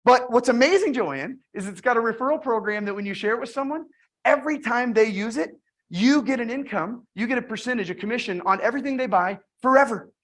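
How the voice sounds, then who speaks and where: Animated woman telling sales stories. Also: a little high, fast talker. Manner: animated storyteller acting out dialogue. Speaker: network marketing recruiter. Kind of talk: casual recorded training talk.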